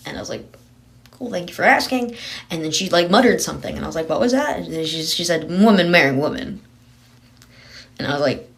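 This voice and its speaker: A man telling a casual storytime rant in an exasperated way, acting out the people he quotes in lively voices. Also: fairly high pitch. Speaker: TikTok storyteller.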